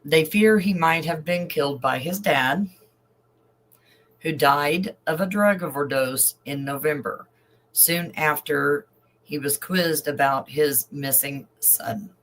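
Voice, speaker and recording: A man's voice: on the high side, fairly bright tone, rough recording. A man reading a news story aloud and adding emotional asides as an online commentator. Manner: slow, emotional asides between read passages.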